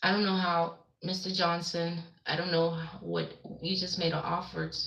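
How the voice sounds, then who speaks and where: A woman's voice: fairly low pitch, level tone, moderate pace, creaky, a bit bright, roomy sound, low-quality recording. A woman from the Caribbean islands chatting casually on a livestream, rambling and reacting to viewer comments. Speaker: livestream host. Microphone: webcam.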